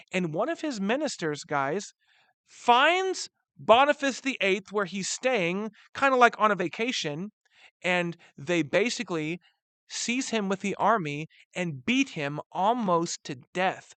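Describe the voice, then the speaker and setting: A man teaching a history lesson in a recorded lecture, chatty and animated, calling his students guys and dropping slangy asides. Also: high-pitched, a little slow, dry recording.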